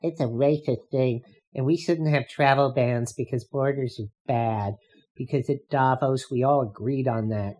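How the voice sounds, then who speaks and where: A man putting on the voice of a smug, condescending elitist scold, slow and sneering. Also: mid-range voice, a little mellow, lightly acted, poor audio. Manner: mocking, slow sneering delivery.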